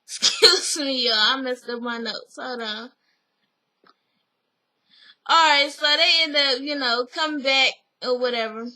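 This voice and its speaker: A young woman casually recapping a reality show, animated and slangy, acting out what the people said. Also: high voice, a little slow, pauses often, rough recording. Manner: animated, slangy, acts out quotes.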